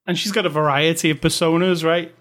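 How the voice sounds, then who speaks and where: Higher-voiced man, rambling movie chat. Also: fairly even intonation, fast talker, a bit bright. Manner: rambling, hedges a lot with "like" and "you know". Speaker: podcast co-host. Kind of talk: casual movie review chat.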